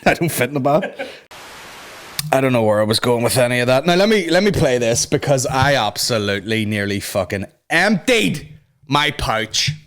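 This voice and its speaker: A man with a mid-range voice hosts a solo comedy podcast at a normal speed. He's excitable and swears freely, breaking into mimicked voices mid-story.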